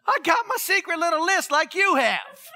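A man's voice: extremely high pitch, sing-song, normal speed, sharp tone. A male pastor preaching a conversational sermon, acting out dialogue as he tells the story.

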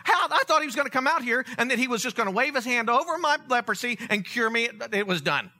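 A huffy, proud army commander in a sermon retelling, as a preacher puts him on. The complaints ride a high voice that leaps up and down, with a piercing, bright edge. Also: male voice, expressive, fast talker, full character voice. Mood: indignant. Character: proud indignant army commander, grown man.

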